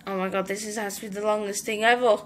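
An excitable Irish woman chatting through gameplay as a let's play host. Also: medium pitch, fast, soft background music. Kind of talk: gaming commentary.

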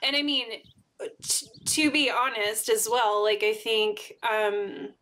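A woman's voice: on the high side, slow pace, a bit bright. A woman hosting a casual livestream chat with her sister, talking candidly, full of fillers and frequent swearing. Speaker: host.

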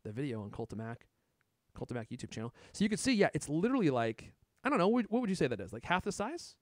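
A man hosting a casual tech podcast, excitedly showing off gadgets and chatting. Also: on the high side, quick pace, dry recording, clean studio sound. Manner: excited, shows gadgets on camera. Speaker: podcast host.

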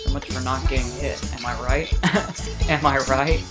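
A let's-play gamer giving casual commentary to viewers, swearing heavily, with loud angry outbursts and sarcastic asides. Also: mid-range voice, fairly even intonation, normal speed, loud music behind the voice.

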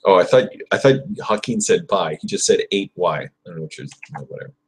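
A man's voice: deep voice, animated, fairly quick, slightly rough, rough recording. A young man on a livestream, practicing Spanish verb forms aloud and chatting casually with viewers in between. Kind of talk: casual livestream study session.

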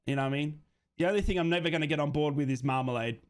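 Excitable Australian man, fan commentary. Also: a little high, racing. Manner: chatty, excitable, laughs often. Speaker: football fan streamer hosting a watch-along.

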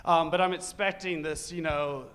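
A man telling a comic true story live on stage, animated, profane and self-mocking. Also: a little high, normal speed.

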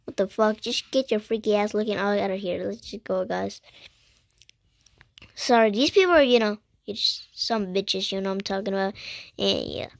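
A woman's voice: mid-range voice, gravelly, dry recording. A young woman improvising a fan voice-over for cartoon characters, slangy and swearing constantly, often dropping to a whisper. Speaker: amateur voice-over artist.

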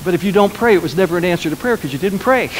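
A man pastor preaching a sermon, swinging between loud, emphatic lines and quiet, lowered ones. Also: lively intonation, very fast, a little hiss or hum, rough recording.

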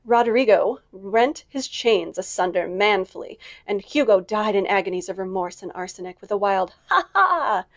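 Woman librarian, storytime narrator, expressive and measured. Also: mid-range voice. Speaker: librarian reading aloud. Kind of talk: storytime book reading.

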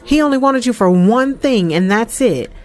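A woman's voice: a little high, expressive, moderate pace, darkish tone, close to an everyday voice. Woman voicing a fierce protective game mom: middle-aged, scolding, indignant.

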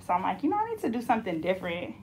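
A woman's voice: mid-range voice, huge pitch swings, rapid-fire, noisy background. A woman chatting casually with a client while braiding hair, slangy and talkative, reading viewer comments aloud. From Bay Area, California. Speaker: hair braider and channel host.

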